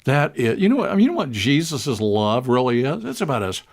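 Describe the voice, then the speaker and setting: An American man with a mid-range voice, co-hosting a relaxed talk show. He speaks reflectively, telling anecdotes and dropping wry asides along the way. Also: medium pitch, brisk. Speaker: co-host. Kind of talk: conversational discussion.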